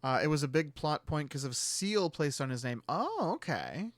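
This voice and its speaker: A man's voice: fairly high pitch, moderate pace, no echo. A man hosting a stream, rambling casually and laughing often. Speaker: streamer host. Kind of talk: casual chat.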